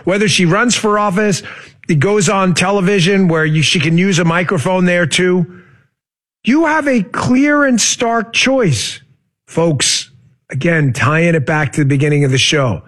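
A man hosting a political talk show, talking casually and animatedly, sarcastic at times, with sudden jumps into shouting. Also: high-pitched, expressive, measured pace.

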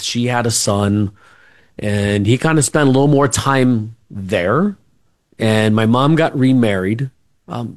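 A man's voice: on the low side, no room sound, studio quality. A middle-aged man, a radio interview guest, telling family stories in a rambling way with many fillers and restarts. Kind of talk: casual storytelling.

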